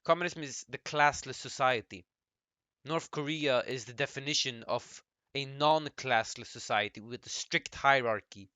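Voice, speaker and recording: Guy doing a reaction vid, bright sharp voice, shoots stuff down bluntly, dry close sound. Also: mid-range voice, moderate pace, no room sound. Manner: blunt, dismissive, interrupts with rebuttals. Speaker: YouTube commentator reacting to a clip. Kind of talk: casual reaction commentary.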